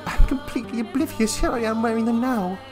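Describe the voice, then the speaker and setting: A man's voice: extremely high pitch, fast, over music, voice pushed up. Man voicing a flustered young noblewoman. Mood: gushing. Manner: breathless, flustered, gushing.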